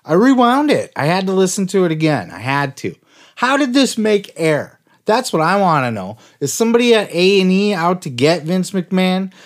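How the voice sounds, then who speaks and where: A man hosting a comedy podcast, swearing freely and ranting with excitable outbursts. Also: high-pitched, normal speed. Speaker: podcast host. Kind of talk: comic podcast rant.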